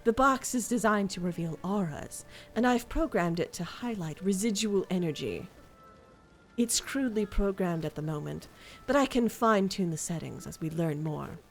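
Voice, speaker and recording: A woman's voice: medium pitch, expressive, moderate pace, faint music behind. A woman streamer chatting casually and reading game dialogue aloud with a giggly, playful manner.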